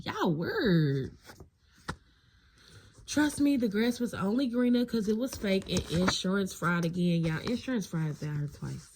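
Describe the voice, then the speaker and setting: A woman's voice: medium pitch, measured pace. A woman gives a casual collective tarot reading to her viewers. She talks bluntly, swears often and calls them "y'all". A faint hiss sits under her voice. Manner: blunt, profane and animated, addressing viewers as y'all. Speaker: tarot reader.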